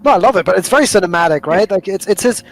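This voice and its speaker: A man's voice: high voice, animated, very fast, a little hiss or hum, rough recording. A man playing a tabletop game, retelling his character's actions with playful drama. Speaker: player. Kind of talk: tabletop role-play, in-character narration.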